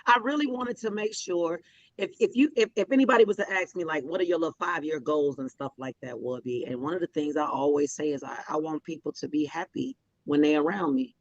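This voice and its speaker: A woman's voice: deep voice, fairly quick. A woman hosting a casual, candid chat, blunt and emphatic with plenty of profanity. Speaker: host. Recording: muffled dry sound.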